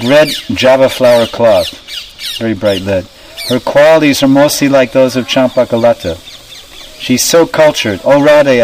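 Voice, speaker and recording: A man giving a devotional class, explaining terms and asking his listeners questions. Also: mid-range voice. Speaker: spiritual teacher. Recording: distant mic, faint background noise.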